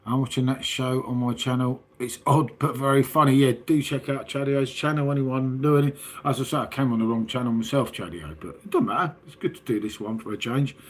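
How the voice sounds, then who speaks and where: A man's voice: mid-range voice, steady tone, a little fast, few pauses. A man with a southern English accent, chatting casually and rambling to his livestream viewers, full of tag questions and "mate". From southern England. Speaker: livestream host. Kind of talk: casual chat with live chat.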